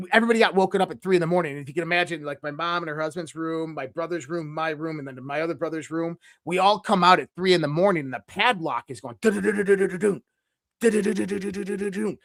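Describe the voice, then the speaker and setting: A young adult man, a podcast guest, telling personal stories in a casual, animated way, imitating sounds and restarting his sentences often. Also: fairly high pitch, no echo, clean studio sound. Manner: animated storyteller who imitates sounds, with frequent restarts and fillers. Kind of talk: casual conversational storytelling.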